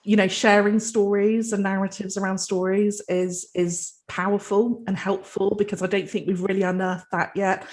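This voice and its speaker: A woman's voice: medium pitch, little pitch movement, moderate pace, hardly any pauses, darkish tone. A British woman, a health trust chief executive, answering a panel question earnestly and fluently, often restarting her sentences. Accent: British English.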